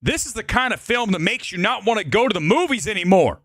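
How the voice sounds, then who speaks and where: A man's voice: high-pitched, lively intonation, fast, fairly bright tone, dry recording. A man hosting a live movie review stream, ranting furiously and swearing about a film. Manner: furious, swearing, exaggerated outbursts.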